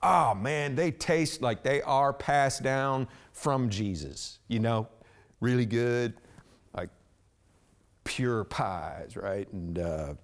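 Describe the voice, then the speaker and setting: A man speaks slowly in an expressive, medium-pitched voice during a theatrical monologue. Performing solo on stage, he portrays a rambling blue-collar husband talking to a police officer who constantly says "man" and keeps restarting sentences.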